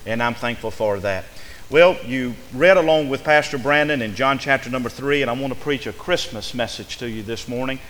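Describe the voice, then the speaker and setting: Preacher with a bright, ringing voice. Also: male voice, mid-range voice, a little fast, long reverb tail, slight background noise. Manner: preacherly, rising to an emphatic chant. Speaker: pastor. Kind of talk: sermon. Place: church sanctuary.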